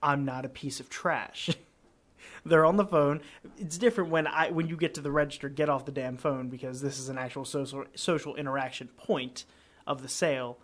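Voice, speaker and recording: A young man hosting a casual podcast chat, telling animated customer-service stories and acting out customers. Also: medium pitch, moderate pace. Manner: animated storyteller, acts out customers. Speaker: podcast host.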